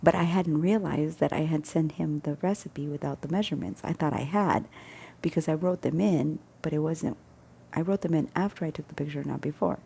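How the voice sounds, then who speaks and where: A woman's voice: low-pitched, brisk, creaky, mellow, slight background noise. A woman casually telling a personal story, rambling and correcting herself as she goes. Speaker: storyteller sharing personal stories.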